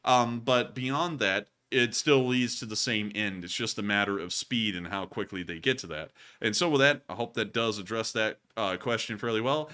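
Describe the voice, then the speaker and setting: A man's voice: medium pitch, bright, forceful tone. A man hosting a live stream, answering viewer messages in loose, rambling casual talk full of fillers. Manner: rambling, filler-heavy, repeated sign-offs. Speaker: host.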